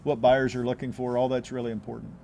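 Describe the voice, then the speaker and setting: A man's voice: mid-range voice, flat delivery, fast, creaky, warm tone, slight background noise. A man, a real estate agent answering interview questions in an easygoing way, often restarting his phrases.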